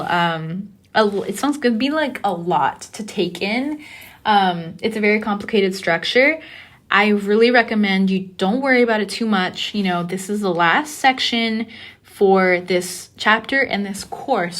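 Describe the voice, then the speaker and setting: A woman's voice: mid-range voice, fairly bright tone. Patient woman teaching a recorded lesson. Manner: patient, explanatory, checks in with "okay?". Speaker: Spanish teacher. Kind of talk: recorded lecture.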